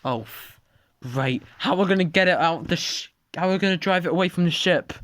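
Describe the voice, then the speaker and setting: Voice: mid-range voice, brisk, a bit bright, no room sound, natural voice. A storyteller voicing a flustered male ship captain who talks in a rush. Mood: exasperated.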